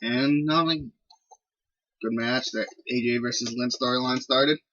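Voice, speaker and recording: A man's voice: mid-range voice, steady tone, measured pace, bright, forceful tone, no room sound, dull audio. A man giving casual, rambling commentary while playing a wrestling management game. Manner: chatty, rambling recaps. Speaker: video game let's player.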